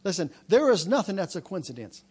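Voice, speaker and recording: A man preaching a sermon, telling a personal story and then building into a loud, repetitive preaching cadence. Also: high voice, sing-song, brisk, breathy edge.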